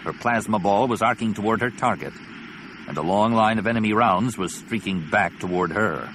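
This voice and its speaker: A man narrating an audiobook in a dramatic, expressive reading. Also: lowish voice, normal speed, a little hiss or hum.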